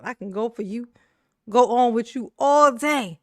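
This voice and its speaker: Woman streamer talking trash and cackling, pretty high voice. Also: measured pace, dry recording, studio quality. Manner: brash, laughing, trash-talking. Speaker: commentary streamer. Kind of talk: casual live-stream commentary.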